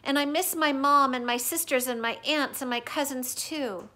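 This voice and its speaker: A tearful little elephant girl pleads in a high, bright voice as a woman reads her lines aloud. She sniffles and begs softly, a small and lonely storybook child. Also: normal speed. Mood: tearful pleading.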